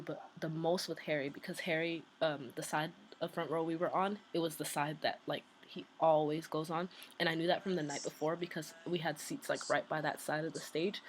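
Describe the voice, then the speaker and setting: A woman vlogger casually telling a story, chatty and excited, with lots of "like" and "um" fillers. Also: lowish voice, background noise.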